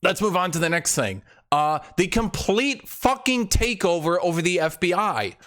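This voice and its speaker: Sarcastic male streamer, lively pitch. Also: normal speed. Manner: sarcastic, exasperated, swears freely. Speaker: political commentary streamer. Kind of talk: live-stream commentary reading documents to chat.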